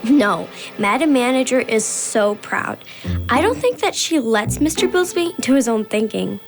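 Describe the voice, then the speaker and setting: A woman's voice: on the high side, animated, a little slow, soft background music. An actress playing a polite, anxious young assistant who hesitates when she is unsure, in a children's radio drama. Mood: nervous. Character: nervous, dutiful young woman assistant.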